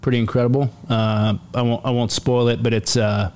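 A man in his forties, a sergeant major, spins a field story in a relaxed interview. His pitch is middling and he voices the other people in the story. A faint hiss sits under the recording. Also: brisk. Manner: animated, acts out quotes, many fillers and restarts. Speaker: army command sergeant major, podcast guest.

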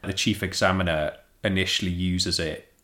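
Animated low-voiced man chatting about a book. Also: normal speed. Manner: animated, filler-heavy, jumps into voices. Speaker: podcast co-host. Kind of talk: casual book discussion.

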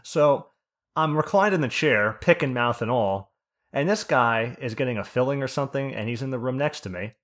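A man's voice: mid-range voice, moderate pace. A man from New Jersey telling a story in casual podcast chat, swearing freely and acting out the people he quotes. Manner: animated, profane, acts out quotes. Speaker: podcast host.

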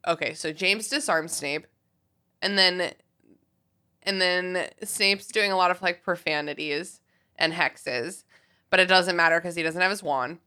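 Bright-voiced woman podcast co-host. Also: fairly low pitch, a little slow. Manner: laughs often, wry and blunt. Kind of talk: casual chat.

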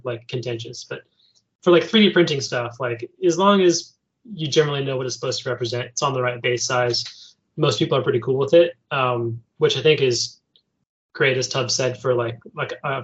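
A man's voice: mid-range voice, fairly bright tone. A man in casual podcast chat, easygoing and full of "like" fillers. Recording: dull lo-fi sound.

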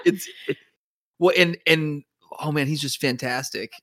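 A man's voice: fairly high pitch, unhurried, sharp tone, no echo. A man co-hosting a podcast, talking in a rambling, enthusiastic way with laughs. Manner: rambling, enthusiastic, many fillers and restarts, laughs. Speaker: podcast co-host. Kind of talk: casual chat.

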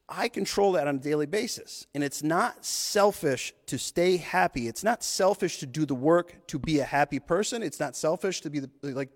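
Male podcast host, 30s, intense and profane motivational delivery, slightly high voice, reverberant hall sound. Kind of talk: motivational monologue.

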